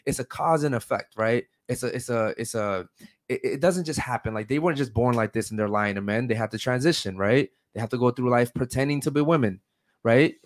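A man hosting a podcast in a blunt, combative way. He swears often and presses his guests with pointed questions. His voice sits at an ordinary pitch for a man. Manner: blunt, confrontational, profane. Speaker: podcast host. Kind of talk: heated podcast debate.

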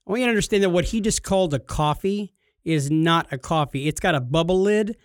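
A man co-hosting a casual podcast, teasing and joking with animated energy. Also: high-pitched, brisk, no room sound, clean studio sound. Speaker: podcast co-host. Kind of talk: casual chat.

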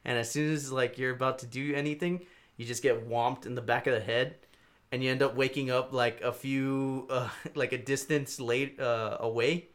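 A man's voice: medium pitch, moderate pace. Young man rambling with frequent swearing. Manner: rambling, profane, animated storytelling. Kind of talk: casual chat.

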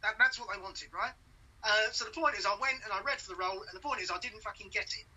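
A man's voice: high voice, fast, sharp tone, husky, low-quality recording. A middle-aged man from London with a Cockney accent, a comedian chatting as a guest and laughing at his own stories. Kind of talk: casual chat.

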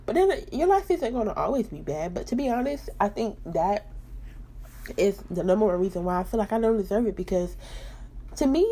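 A woman's voice: medium pitch, animated, a little fast, mellow, slight background noise. Candid woman hosting a faith podcast. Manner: candid, conversational, emphatic. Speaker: podcast host. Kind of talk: personal faith talk.

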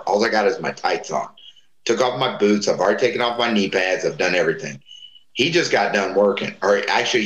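A man's voice: lowish voice, fairly bright tone, roomy sound, rough recording. A man casually telling profane wrestling stories, acting out the voices of people he quotes. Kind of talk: casual storytelling chat.

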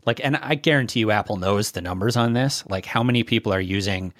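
Man, lowish voice, casual tech chat, dry close sound. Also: fast, no room sound. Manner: explanatory, loose, with frequent fillers. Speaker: podcast co-host.

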